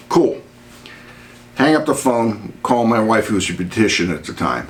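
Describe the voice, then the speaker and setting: A middle-aged man hosting his channel, telling a personal story in a relaxed, blunt way and swearing freely. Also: fairly low pitch, moderate pace. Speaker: channel host. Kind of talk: casual storytelling vlog.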